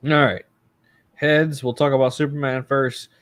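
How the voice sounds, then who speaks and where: A man co-hosting a casual podcast chat, calmly explaining comic-book lore in a matter-of-fact way. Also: medium pitch, normal speed, no echo. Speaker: podcast co-host.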